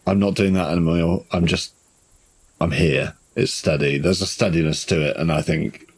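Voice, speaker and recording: Husky, very deep-voiced man. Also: steady tone, moderate pace. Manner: describes his character's actions, laughs easily. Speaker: player. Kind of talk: narrating a character in a tabletop game.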